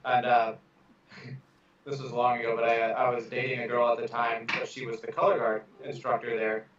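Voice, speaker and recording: A man's voice: medium pitch, normal speed. A man who teaches percussion, telling stories casually on a podcast, with many "like" fillers. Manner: flat, storytelling, heavy use of "like". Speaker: percussion instructor. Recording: echoey distant dull sound with crowd noise.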